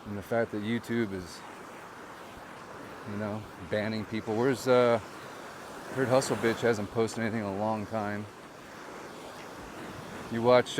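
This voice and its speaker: A medium-pitched male voice comes through with a slight hiss or hum. The man, a real estate agent and vlogger, is outside by the shore filming himself on a handheld camera with a gimbal, speaking frankly and irritably to his audience.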